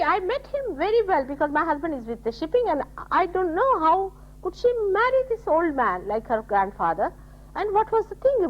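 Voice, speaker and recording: An older woman giving a spiritual talk to her followers, telling stories with quoted dialogue and scolding in an animated way. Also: on the high side. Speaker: spiritual teacher. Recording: dull lo-fi 1980s tape.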